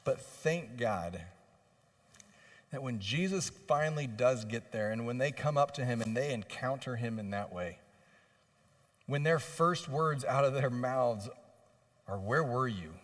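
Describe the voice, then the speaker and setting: A man's voice: mid-range voice, lively intonation, a little slow, long pauses. A man preaching a sermon as pastor, passionately voicing pleading questions and building in intensity. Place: church sanctuary. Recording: long reverb of a church hall.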